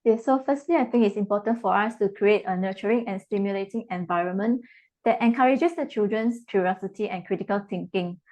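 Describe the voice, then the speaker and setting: A woman's voice: medium pitch, a little fast, darkish tone. A woman educator giving parenting advice on a webinar over a video call, explaining steadily with frequent ums. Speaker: educator and guest speaker.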